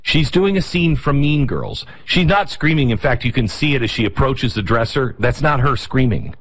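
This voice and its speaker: A middle-aged man hosting a talk show, delivering a rapid, sarcastic opinion monologue. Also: mid-range voice.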